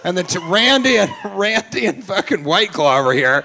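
Working the crowd at a comedy club in front of a live audience, this comedian is brash and foul-mouthed, ribbing audience members and imitating them mockingly. His slightly high voice is bright and forceful, delivered at a quick pace with few pauses.

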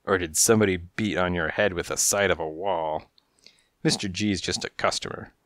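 A man voicing a menacing male gangster alley cat with a raspy voice and tough-guy street slang, in a storybook reading. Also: low voice, normal speed, a bit bright, no room sound, clean studio sound. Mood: scornful.

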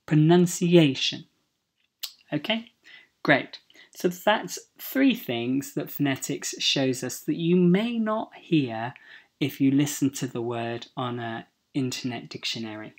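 A British woman teaching English pronunciation in a recorded slide lesson. Her voice sits low for a woman, and she speaks slowly and deliberately. She models each word carefully and repeats it so that learners can say it after her. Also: animated.

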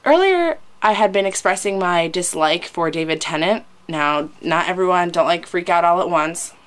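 Young woman, lowish voice, gushing, chatty, lots of "like", webcam at home. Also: moderate pace. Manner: gushing, excitable, rambling with frequent "like". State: teary from crying. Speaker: vlogger. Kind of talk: casual fan vlog. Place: indoors at home, hot room.

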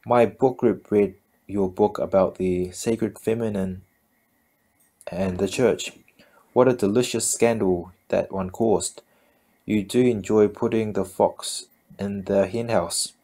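A man's voice: fairly low pitch, steady tone, slow pace, dark tone. Man putting on a gushing sing-song British lady. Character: cheerful chatty middle-aged British woman.

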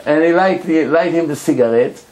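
A man's voice: a little high, normal speed, darkish tone. A man, a rabbi giving a Torah lecture, telling a story emphatically and repeating words for effect.

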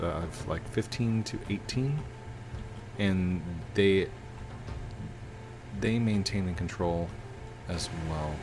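Low, slow-talking man playing Roblox. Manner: goofy and excitable, squeals high when things go wrong. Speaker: gaming channel host. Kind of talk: playful Roblox let's play commentary.

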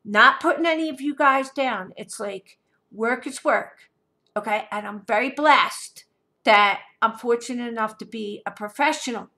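A woman's voice: on the high side, unhurried, pushed and bright. A woman vlogger telling a personal story in an emphatic, indignant way, often checking in with "okay?". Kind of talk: casual storytelling to camera.

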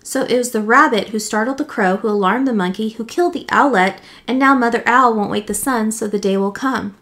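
A woman's voice: a little high, fairly quick, a bit bright. A proud lion king presides over the animal council in a stately, judging tone, as a woman reading aloud voices him. He is the ruler of this storybook world and sounds like one. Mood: solemn.

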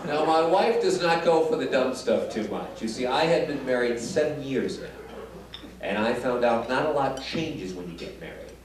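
A Detroit man performs magic and stand-up live in a casino showroom, wisecracking and bantering with the audience in an expressive, mid-range voice at normal speed. The mic sits at a distance in an echoey room with a loud crowd and noise.

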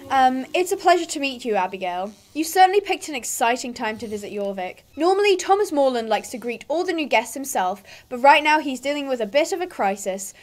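A woman's voice: high voice, sing-song, a little fast, hardly any pauses. A woman voicing a kindly, motherly riding camp worker in an auntie style. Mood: welcoming. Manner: warm auntie-style reading of game lines.

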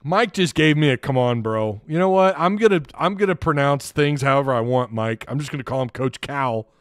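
Dude rambling thru a sports livestream, smooth clear voice, dry sound. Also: male voice, mid-range voice, fairly quick, no room sound. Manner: rambling, chatty, lots of restarts. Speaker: host. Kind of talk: live sports talk show, reading chat.

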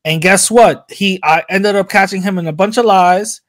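A man's voice: sits high, moderate pace. A man on a casual podcast, telling a heated story with lots of profanity and acted-out quotes. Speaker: podcast co-host.

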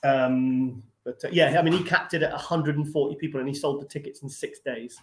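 A man's voice: medium pitch, fairly even intonation, roomy sound. A man telling tour stories in a casual chat, rambling with many restarts. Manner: rapid, rambling, lots of "I mean" restarts. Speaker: guest, tour organizer.

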